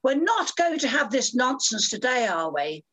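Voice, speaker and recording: An older woman voicing a stern, bossy woman gym teacher who scolds loudly, with a husky voice. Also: sits high, sing-song, normal speed, voice pushed up, exaggerated voice. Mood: scolding. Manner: sharp, scolding and loud.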